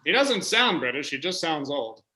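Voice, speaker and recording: A man's voice: a little high, sing-song, moderate pace, a loud crowd. A man hosting an improv comedy game show parody, chatty and jokey, rambling on between questions. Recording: echoey stage room.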